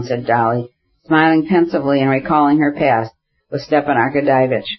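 A man narrating a novel in a steady, measured reading. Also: mid-range voice, muffled recording. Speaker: audiobook narrator. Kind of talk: scripted narration.

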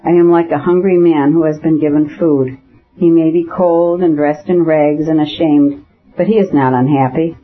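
Brief: a male reader doing a proud, anguished noblewoman, raised and husky, in a dull lo-fi audiobook take. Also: fairly high pitch, fairly even intonation, moderate pace, close to an everyday voice. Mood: tender. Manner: ironic, then pleading and tender. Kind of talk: audiobook dialogue.

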